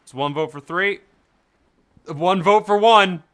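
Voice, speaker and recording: A man's voice: high-pitched, takes it slowly, a bit bright, clear, resonant tone. A man streaming a game with friends, playful and joking in casual group chat. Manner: playful, jokey, mispronounces words.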